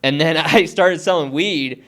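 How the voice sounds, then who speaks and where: A man from Hawaii speaks with a raised, smooth and resonant voice. He is a podcast guest who tells his stories casually and swears freely. He acts out the voices of the people he quotes. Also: on the high side, unhurried, a bit bright. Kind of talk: casual storytelling.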